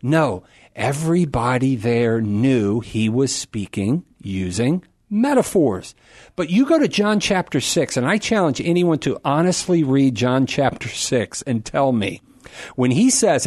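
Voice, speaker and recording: A middle-aged man hosting a call-in radio show, explaining Scripture to a caller in an animated, emphatic way and acting out crowd voices for humor. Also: fairly high pitch. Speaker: Catholic radio host answering a caller. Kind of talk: call-in radio Bible teaching.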